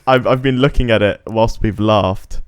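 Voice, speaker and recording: A young man co-hosts a casual podcast, his lowish voice close and dry over a video call. He rambles through anecdotes, with laughter breaking in often. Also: normal speed, clean tone, dry recording. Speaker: podcast co-host. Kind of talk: casual chat.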